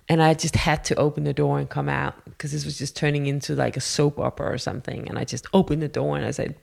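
A woman telling a personal story in a candid, halting, self-deprecating way. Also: low-pitched, fairly even intonation, creaky, darkish tone.

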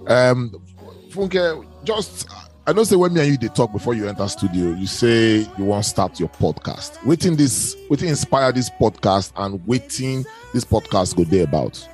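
A man's voice: medium pitch, lively intonation, normal speed, darkish tone, soft background music. A man with a Nigerian Pidgin accent hosting a radio interview, introducing his guest and putting questions to her. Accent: Nigerian Pidgin English. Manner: introduces the guest and asks questions, with frequent brief affirmations. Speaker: radio host.

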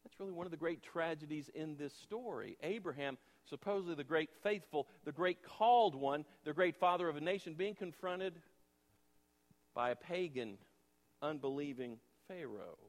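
A man pastor preaching a sermon, emphatic and full of rhetorical questions, dropping from forceful to hushed. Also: fairly high pitch, expressive, normal speed. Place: church sanctuary. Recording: long reverb of a large church hall.

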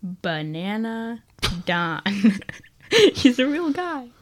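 A woman co-hosting a podcast in casual chat, a lively storyteller who laughs often and acts out the people she quotes. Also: fairly high pitch, extremely slow, no echo. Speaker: podcast co-host.

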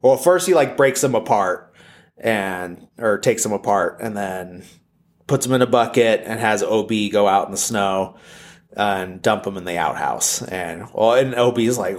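Guy with a lowish voice going over a movie plot, loose and rambly, lots of likes and uhs. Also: normal speed. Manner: rambling, full of "like" and "uh" fillers. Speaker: film plot recapper. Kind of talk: casual plot retelling.

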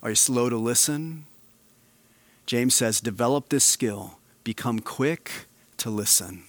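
Animated male pastor preaching a sermon. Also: medium pitch, slow pace, no echo. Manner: animated preaching, swings from quiet to emphatic.

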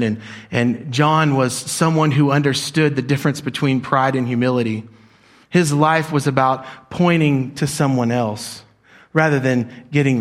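A middle-aged pastor preaches to a church congregation, moving between soft, low emphasis and louder, excited stretches while leading call-and-response.

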